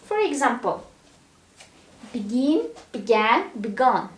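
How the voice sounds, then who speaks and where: A woman teaches English verbs at a very slow, careful pace, repeating each form one word at a time and checking in with "all right?" Her voice sits a little high and rings in an echoey room. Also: sing-song. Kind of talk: slow, deliberate language lesson.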